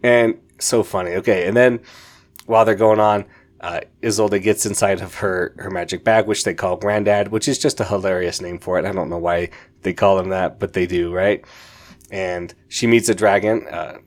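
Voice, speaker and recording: A man with a deep voice chats through a book review on his podcast. He is eager and rambling, often stopping to correct himself mid-sentence. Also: steady tone, moderate pace. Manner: enthusiastic, rambling, self-correcting. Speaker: podcast host.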